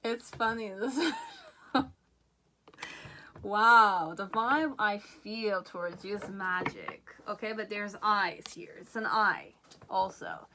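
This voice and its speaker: A woman reads tarot cards for her viewers at an unhurried pace. Her voice is bright and forward, and she sounds excited. She keeps breaking off with "okay?" and is a little out of breath. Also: medium pitch, a little hiss or hum. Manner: excitable, repeats "okay?" often, laughs. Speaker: tarot reader. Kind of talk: pick-a-card tarot reading.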